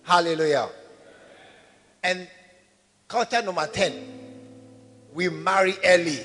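A man preaching a sermon to his congregation, calling for responses and rising to shouts. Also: high voice, slow pace, long pauses. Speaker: pastor. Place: large church hall. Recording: reverberant hall with faint music.

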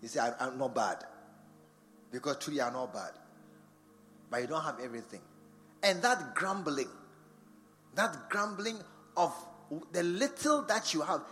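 A man's voice: fairly high pitch, animated, moderate pace, pauses often, fairly bright tone. A man preaching a sermon in a large church, firing rhetorical questions at the congregation. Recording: long church reverb with faint music behind.

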